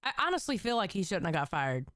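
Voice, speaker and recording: A woman's voice: on the low side, big pitch swings, quick pace, a bit bright, no echo, clean studio sound. A young adult woman from Southern California, hosting a reaction stream in blunt, profane, jokey commentary.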